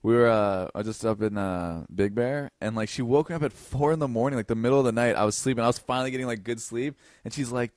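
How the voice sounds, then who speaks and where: A man's voice: mid-range voice, fast talker, few pauses, dry recording, clean studio sound. A man in his thirties, a comedian, telling stories on a podcast and acting out the quotes with animation. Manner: animated storytelling, acts out quotes. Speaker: comedian guest. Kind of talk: casual podcast chat.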